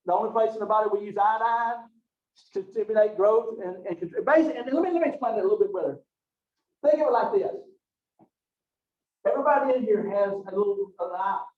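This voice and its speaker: A middle-aged man lectures on anatomy, wandering into chatty stories and asides. His voice sits fairly high for a man. It was picked up from across an echoey classroom, and the recording sounds dull and lo-fi. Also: recorded from a distance. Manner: folksy, rambling storyteller with asides. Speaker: college anatomy instructor.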